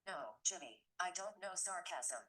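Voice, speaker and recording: A woman's voice: fairly low pitch, animated, moderate pace, bright, forceful tone. A woman voicing a sarcastic female AI voice assistant in a comedy sketch, mocking and dry.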